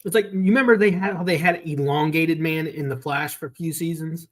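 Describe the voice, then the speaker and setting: A man's voice: fairly high pitch, brisk. A man hosting a podcast over a video call, chatting casually and telling long, rambling anecdotes. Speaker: podcast host. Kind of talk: casual chat.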